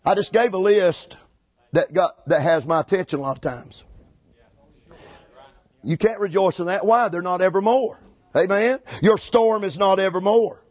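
A man preaching a fiery sermon, rhythmic and repetitive, building up to shouts. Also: sits high, moderate pace, pauses often, dry recording. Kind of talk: fiery Pentecostal-style sermon.

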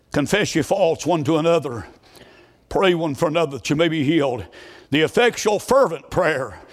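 A middle-aged man preaching a sermon, moving from quiet storytelling to loud, fervent shouting. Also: fairly high pitch. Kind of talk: fiery sermon.

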